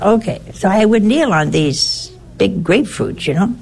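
Gravelly older woman recalling her past. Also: medium pitch, lively intonation, darkish tone. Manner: halting, repeats words, chatty asides like "see" and "you know". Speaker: nun. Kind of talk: personal storytelling.

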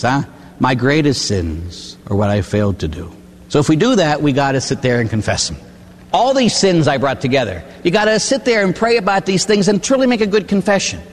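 Older priest preaching in a reverberant hall. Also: male voice, mid-range voice, normal speed. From Pittsburgh area, USA. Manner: animated storytelling, acting out penitents. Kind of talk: sermon.

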